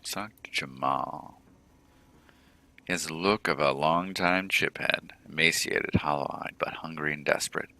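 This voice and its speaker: A man's voice: very deep voice, fairly even intonation, moderate pace, few pauses, sharp tone. A man hosting a let's play, reading the game's narration and making dry asides to viewers. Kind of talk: game narration with commentary.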